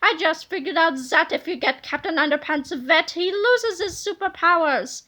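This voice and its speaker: A booming, boastful robot-suited villain from a children's storybook, as a woman reader puts him on. He throws his weight around, loud and menacing, in a bright, high-set voice. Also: normal speed.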